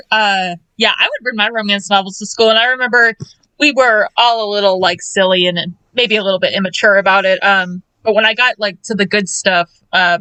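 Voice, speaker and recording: A woman guest on a casual podcast with a bright, sharp-edged voice. She speaks frankly and with wry humor, swearing casually. The recording is dry and close. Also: mid-range voice, smooth, no room sound, poor audio. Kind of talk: casual chat.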